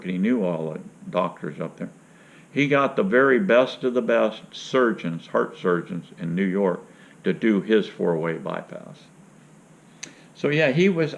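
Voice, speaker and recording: A man's voice: on the low side, vocal fry. A man from Florida telling a rambling, jokey story to his viewers in a folksy, casual way. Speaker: vlogger. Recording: dull lo-fi sound.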